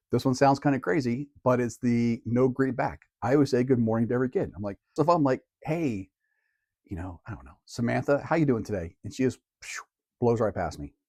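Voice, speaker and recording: A man in a middle register talks through his classroom routine to camera like a teacher chatting with colleagues. His delivery is relaxed and conversational. The recording is dry, with no room echo. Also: medium pitch. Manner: relaxed and conversational, plain everyday phrasing. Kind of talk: casual how-to talk to camera.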